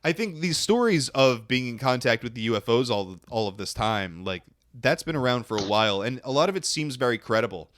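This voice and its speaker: A man's voice: mid-range voice, expressive, fairly quick, fairly bright tone, slight background noise. A young man hosting a podcast, chatting casually in a rambling way, often restarting sentences and swearing. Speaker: podcast host.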